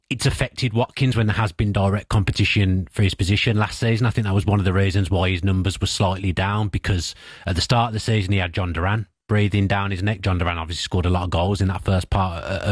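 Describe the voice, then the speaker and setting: A man with a Birmingham accent giving thoughtful, animated football analysis as a pundit on sports radio, speaking into a studio mic. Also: deep voice, quick pace, no room sound.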